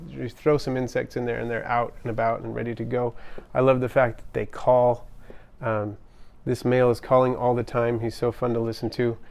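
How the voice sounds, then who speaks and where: A man chats with viewers during a home pet livestream, sounding friendly and enthusiastic. His mid-pitched voice has a gravelly edge, and he often pauses with ums and restarts his sentences. He picks up viewer comments and reads them aloud as he goes. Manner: chatty, upbeat, frequent ums and restarts. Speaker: livestream host. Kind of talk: casual live-stream chat, reading comments. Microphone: camera on tripod.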